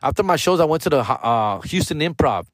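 A man's voice: fairly high pitch, sing-song, fairly quick, no echo, clean studio sound. Profane, slangy comedian man telling stories. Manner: profane slangy banter, calling listeners fool and dog. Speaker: stand-up comedian podcast host. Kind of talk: casual storytelling monologue.

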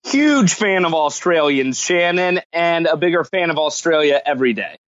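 High-voiced playful American man. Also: expressive, moderate pace, fairly bright tone, dull audio. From United States. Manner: playful, self-deprecating, laughs often. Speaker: podcast guest. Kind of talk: casual podcast chat.

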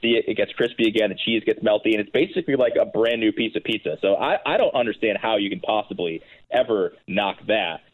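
A man's voice: fairly low pitch, quick pace, breathy edge. A man co-hosting a casual podcast, talking in a rambling way full of fillers. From Connecticut, USA. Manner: rambling, filler-heavy talk. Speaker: podcast co-host. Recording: phone-like narrow sound.

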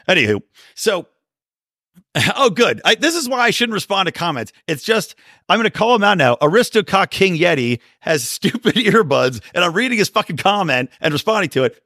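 A middle-aged man hosts his own podcast with a loose, profane, sarcastic rant. His pitch leaps around as he tells stories. The sound is dry and close, with no room echo. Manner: profane, sarcastic, animated storytelling with sudden yelling. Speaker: podcast host. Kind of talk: casual ranting monologue.

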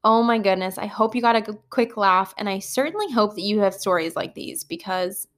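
A woman schoolteacher telling classroom stories on a casual podcast. She talks in an animated way, laughs often and keeps exclaiming "oh my goodness.". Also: mid-range voice, a little fast.

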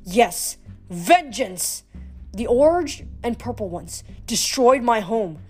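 A woman's voice: a little high, expressive, takes it slowly, soft background music. A woman voicing a huge, brutish female Cyclops who shrieks and bellows her demands in a storybook reading. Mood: growling.

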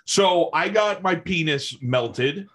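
A man in mid-rant on a casual podcast, cursing freely and pushing his voice up whenever he gets heated. His delivery is loose and indignant, and his pitch climbs and drops in wide swings as he vents. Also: slow pace. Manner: heated, swears constantly, animated pitch swings. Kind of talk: profane comedic rant.

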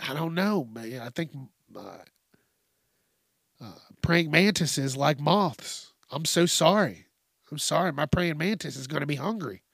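Hosting a casual solo podcast, a man talks loosely, swears, and drifts between topics, often restarting and repeating words. His slightly high voice has lively intonation, a measured pace, vocal fry, and a somewhat bright, husky quality. The studio sound is clean with no echo.

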